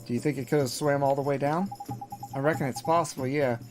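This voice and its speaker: A man's voice: medium pitch, fairly even intonation, fast talker, natural voice. A man voicing a cheeky little male fairy sidekick who talks in folksy turns of phrase, over faint game music. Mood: musing.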